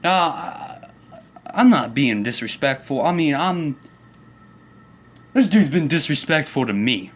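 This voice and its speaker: A man's voice: fairly high pitch, lively intonation, unhurried, long pauses. A man in the middle of a heated, profane rant, his voice swinging widely up and down as he gets worked up. He talks crudely and swears constantly, keeping the whole tirade at a boil. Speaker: vlogger ranting about his neighbor.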